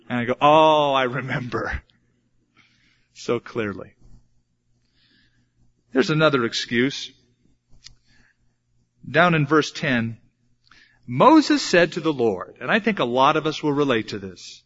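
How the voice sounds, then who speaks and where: Male preacher, lively sermon, slightly high voice, muffled old recording. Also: measured pace, long pauses. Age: adult with a young son. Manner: dramatic, acts out quoted voices. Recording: dull lo-fi recording.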